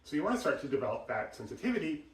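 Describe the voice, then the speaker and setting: A man teaching voice exercises, explaining and acting out examples in an animated way. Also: fairly high pitch, very fast. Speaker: voice coach. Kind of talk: instructional talk with demonstrations. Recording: roomy sound, mic at a distance.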